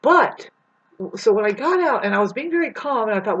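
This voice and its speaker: A woman talks straight through a long personal story, circling back and restarting as she goes. Her voice is husky and sits a bit high. She swears freely and jumps into loud, exaggerated voices when she quotes the others. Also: expressive, fairly quick, lo-fi sound. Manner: rambling, swears, acts out the people in her story with big voice swings. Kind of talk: casual storytelling monologue.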